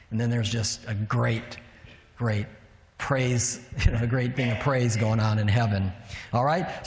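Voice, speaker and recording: A man's voice: high-pitched, a bit bright. Man preaching in an echoey hall. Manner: conversational, asks the room rhetorical questions. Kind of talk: sermon teaching. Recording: echoey hall with long reverb.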